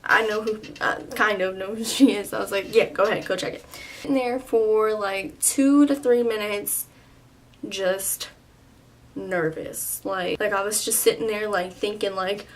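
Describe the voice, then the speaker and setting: A woman in her twenties telling a storytime vlog, animated and full of "like", with some swearing. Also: mid-range voice, unhurried, distant mic. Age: 20s. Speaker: vlogger.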